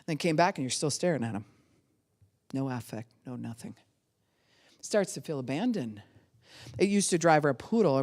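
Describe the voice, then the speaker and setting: A middle-aged woman, a pastor teaching in a sermon, telling stories and acting out little voices. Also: low-pitched. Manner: animated storytelling, acts out voices of babies and dogs.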